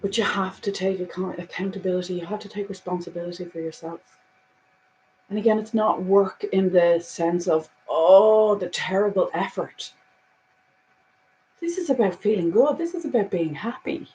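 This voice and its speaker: A woman's voice: mid-range voice, expressive, a little fast, poor audio. Earnest woman giving a card reading. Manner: earnest, repetitive "you know" fillers; swings between hushed and emphatic. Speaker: spiritual card reader.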